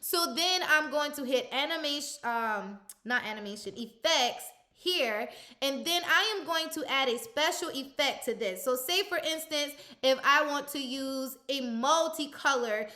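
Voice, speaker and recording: A young woman with a high, bright voice talks through an editing tutorial one step at a time. Her delivery is loose and chatty, full of little "um"s and "uh"s as she clicks along, like a coach showing a friend. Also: a little slow. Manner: chatty, step-by-step instruction with frequent fillers. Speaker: content coach. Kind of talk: screen-recorded software tutorial.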